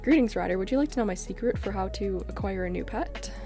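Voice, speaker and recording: A woman's voice: medium pitch, fast, over music, lightly acted. Woman reading a gothic lab assistant. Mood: earnest. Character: gothic female lab assistant with a grand plan. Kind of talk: reading game dialogue aloud.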